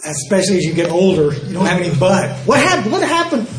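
A man's voice: high voice, sing-song, quick pace, reverberant, over music. An older man from Texas, telling folksy, self-mocking stories at a recovery dinner talk and acting out both sides of each exchange. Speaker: recovery speaker. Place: dinner event hall.

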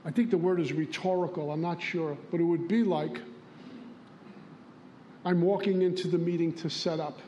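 Plainspoken New man, fairly high voice, sharing recovery stories with slight hiss behind. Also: steady tone, moderate pace, pauses often, dark tone, highs cut off. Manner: storytelling, plainspoken, acts out dialogue. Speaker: recovery meeting speaker. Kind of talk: recovery share.

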